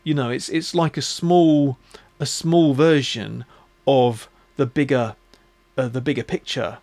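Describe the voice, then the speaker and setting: Man, podcast host, gravelly voice, mid pitch, halting reflective monologue. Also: steady tone, darkish tone. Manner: musing, halting, many restarts.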